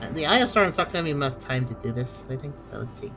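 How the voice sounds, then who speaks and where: Lively-voiced woman streaming a game. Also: a bass voice, fast, over music. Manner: chatty, reactive, playful asides. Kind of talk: casual gameplay commentary.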